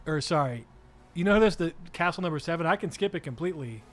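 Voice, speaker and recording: A man co-hosting a loose, joking podcast while he plays a game. His voice sits a bit high, and he keeps slipping into silly put-on voices. Faint music plays under the talk. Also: expressive, quick pace, fairly bright tone. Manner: jokey, puts on silly voices for bits. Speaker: podcast co-host. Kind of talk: casual chat while gaming.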